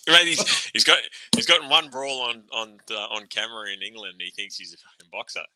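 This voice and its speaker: A man's voice: medium pitch, animated, fairly quick, noisy background. An Australian man and former player co-hosting a casual sports podcast, blunt and sweary, laughing often. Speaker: podcast co-host, ex-cricketer.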